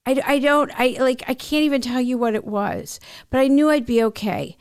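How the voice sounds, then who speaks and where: Middle-aged woman with a gravelly voice. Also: high-pitched, normal speed, a little mellow, dry recording, clean studio sound. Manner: emotional, tumbling and self-interrupting. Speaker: interview guest. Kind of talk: candid personal storytelling.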